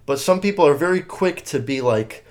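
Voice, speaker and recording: A man's voice: fairly high pitch, animated, moderate pace, darkish tone. A young man hosting a solo podcast, chatting casually and rambling with lots of fillers and swearing. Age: young adult. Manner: rambling and profane, many fillers. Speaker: podcast host.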